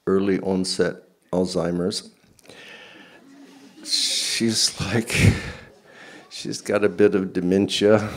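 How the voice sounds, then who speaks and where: A man's voice: lowish voice, darkish tone. A man telling a story casually, rambling with many fillers.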